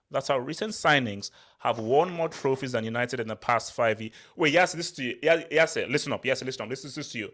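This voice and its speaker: A young man hosting a casual football chat show, animated and ranting with jokes. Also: medium pitch, fairly quick, hardly any pauses. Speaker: football podcast host.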